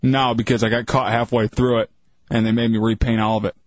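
A man's voice: mid-range voice, flat delivery, fairly quick, dry recording. A young man co-hosting a radio show, cracking crude jokes in casual banter. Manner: crude, joking. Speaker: radio co-host. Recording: dull radio broadcast.

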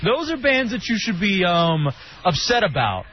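A man hosting a casual radio talk show, joking and animated. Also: normal speed, faint music behind. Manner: animated, joking, jumping pitch. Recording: dull lo-fi broadcast with faint hiss.

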